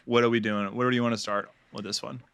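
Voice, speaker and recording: A man's voice: medium pitch, little pitch movement, fast, a bit bright, smooth, no room sound. A man co-hosting a casual podcast chat, joking and sarcastic, laughing often. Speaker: podcast co-host.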